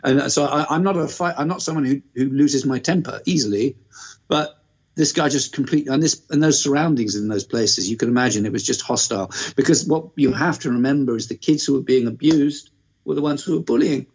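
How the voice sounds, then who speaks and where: A man's voice: mid-range voice, brisk, a little mellow, slightly rough. A man from the north-east of England, an actor guest in an interview, talking frankly and rambling, with casual swearing. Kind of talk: candid interview chat. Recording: muffled lo-fi live-stream audio.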